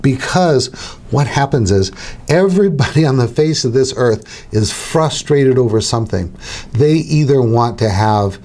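A middle-aged man talking other hypnotists through his methods, casual and conversational. He repeats his key lines for emphasis and slips into acted-out exchanges. His voice sits at an ordinary middle pitch. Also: animated, a little slow, darkish tone. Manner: conversational, repeats key phrases, acts out dialogues. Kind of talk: instructional talk to camera.

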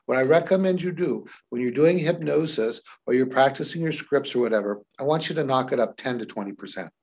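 A man with a husky voice teaching hypnosis in an animated, demonstrative way, often shifting his voice to show examples. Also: medium pitch, brisk, highs cut off. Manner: animated, shifts voice dramatically for demos. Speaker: hypnosis trainer.

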